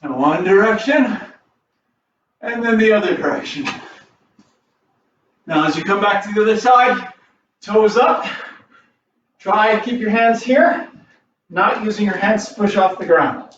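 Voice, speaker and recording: High-voiced man coaching in an echoey garage. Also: a little slow, long pauses, fairly bright tone, muffled recording, slight background noise. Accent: American. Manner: counts reps in Japanese, upbeat. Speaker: karate instructor. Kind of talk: warm-up exercise instruction. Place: home garage. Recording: echoey garage mic from a distance.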